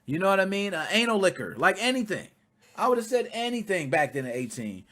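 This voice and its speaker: A man in his thirties with a high, bright voice, hosting a casual commentary. He talks straight to his viewers, blunt and profane, and his pitch swings all over as he riffs. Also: sing-song, a little fast. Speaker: commentary channel host.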